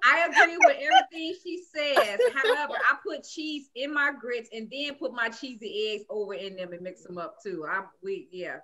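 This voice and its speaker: A woman's voice: fairly high pitch, very animated, normal speed, hardly any pauses, a crowd in the background. A woman co-hosting a podcast in casual chat, making dry, teasing asides. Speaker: podcast co-host.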